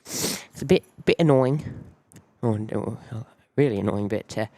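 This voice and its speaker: A man's voice: on the low side, a little slow, a little mellow, dry recording. A man with an Australian accent hosting a live plane-spotting stream, rambling loosely and greeting viewers by name.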